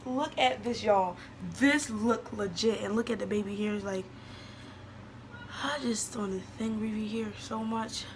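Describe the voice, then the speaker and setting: A young woman chatting excitedly to her viewers in a casual beauty vlog, calling them y'all. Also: on the high side, noisy background. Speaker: beauty vlogger. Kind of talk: casual wig unboxing vlog.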